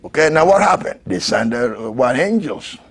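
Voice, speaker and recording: A man preaching a sermon, swinging from shouted peaks to low murmurs and laughing often. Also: big pitch swings, moderate pace, slightly rough.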